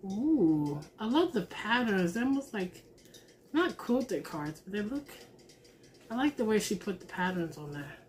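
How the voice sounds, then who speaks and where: A woman chatting casually to her viewers while opening craft mail, gushing and excited, and a mother. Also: mid-range voice, a little slow, a little hiss or hum. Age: adult with a son. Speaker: crafting vlogger. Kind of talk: casual unboxing chat.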